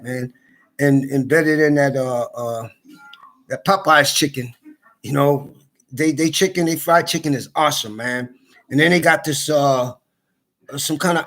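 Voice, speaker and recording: Agitated rambling man, swearing and stammering. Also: a little high. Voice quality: swears a lot, repeats himself, stammers. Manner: agitated, swings from loud outbursts to tired mutters. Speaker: vlogger. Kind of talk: angry rambling monologue.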